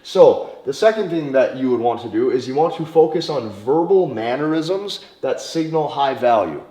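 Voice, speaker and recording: A man giving dating advice in a direct, emphatic monologue, sometimes slowing down and stretching words for emphasis. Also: medium pitch, animated, warm tone. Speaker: dating coach. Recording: roomy echo.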